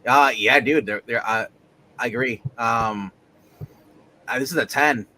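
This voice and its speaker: A man's voice: mid-range voice, bright, forceful tone, slight background noise. A man co-hosting a live comics stream, joking and chatting casually. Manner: jokey, quick to laugh. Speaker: co-host of a live comics show.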